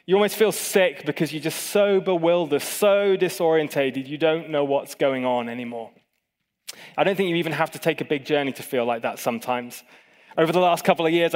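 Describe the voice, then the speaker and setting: A middle-aged British man giving a sermon as a pastor, telling a personal story in a conversational, self-deprecating way. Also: a little high. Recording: long reverb of a large hall.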